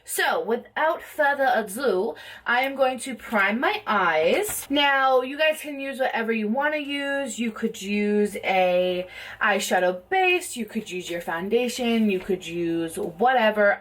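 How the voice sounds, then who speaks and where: A woman's voice: medium pitch, animated, a little slow. A woman chatting casually at home as she does a makeup tutorial, talking in a rambling way full of "like" and "um". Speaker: beauty vlogger.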